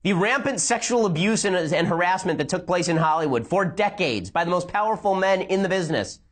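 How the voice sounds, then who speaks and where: A man giving rapid, sarcastic commentary as he reacts to a speech and argues his point. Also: sits high, expressive. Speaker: political commentator.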